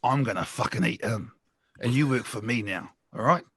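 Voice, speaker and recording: A man with an English accent speaks gruffly and menacingly in character at a tabletop game. His voice is bright and forward, recorded close and dry. He swears freely as he gives orders. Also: medium pitch, normal speed, dry recording. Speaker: tabletop player. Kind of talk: in-character tabletop role-play.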